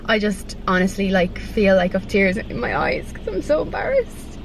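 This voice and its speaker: A woman's voice: mid-range voice, moderate pace, vocal fry, background noise. A woman vlogger talking in a casual, chatty way, poking fun at herself and swearing freely. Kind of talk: casual vlog chat.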